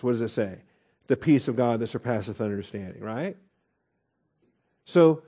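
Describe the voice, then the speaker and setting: A man teaches scripture verse by verse in a mellow, darker voice. He keeps asking his listeners questions and slows down to stress key words. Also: medium pitch. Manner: asks rhetorical questions, stresses words slowly. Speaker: Bible teacher. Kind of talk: expository Bible teaching.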